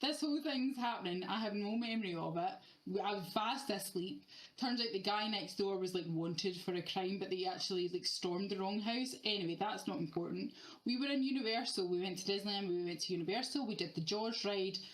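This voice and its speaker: A woman's voice: medium pitch, a little fast, low-quality recording. A woman in her thirties co-hosting a podcast, telling stories animatedly and swearing freely in casual chat. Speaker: podcast co-host.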